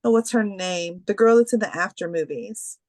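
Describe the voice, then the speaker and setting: A woman's voice: medium pitch, normal speed, darkish tone, no room sound. A woman co-hosting a podcast, chatting casually and rambling through stories. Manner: chatty, rambling, with many fillers. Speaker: podcast co-host. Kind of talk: casual chat.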